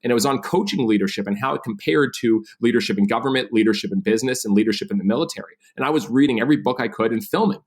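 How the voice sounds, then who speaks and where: A man's voice: medium pitch, racing, few pauses. A man in his thirties, a podcast guest telling his story with energy and animation. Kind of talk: storytelling interview.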